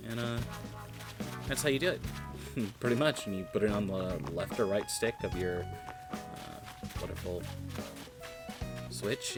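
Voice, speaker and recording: A man streaming a game, giving casual, rambling commentary and joking with his viewers. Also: sits low.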